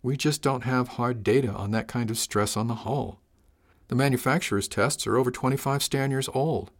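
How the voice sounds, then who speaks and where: A man's voice: medium pitch, moderate pace, lightly acted. A man voicing a blunt but caring female ship's chief engineer, speaking frankly and practically in an audiobook. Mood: earnest. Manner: frank, practical, gently worried. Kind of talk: audiobook character voice.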